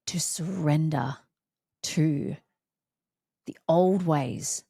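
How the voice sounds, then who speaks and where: A woman's voice: sits low, a little slow, darkish tone, dry recording, studio quality. A woman hosting a reflective solo podcast, talking in an emphatic, repetitive, heartfelt way. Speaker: podcast host.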